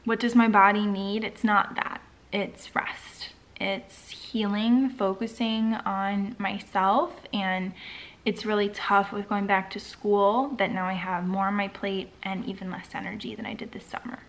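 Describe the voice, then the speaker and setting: A woman's voice: medium pitch, a bit bright. A young adult woman talking in a casual personal vlog, candid and reflective, with lots of "like" fillers. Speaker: vlogger and startup founder.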